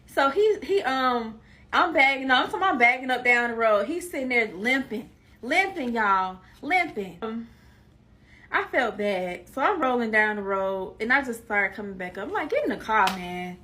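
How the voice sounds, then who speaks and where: A woman's voice: on the high side, animated, normal speed, pushed and bright. A young woman casually telling a personal story to her viewers, emphatic and repeating herself for effect. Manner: emphatic, repeats herself, addresses listeners as y'all.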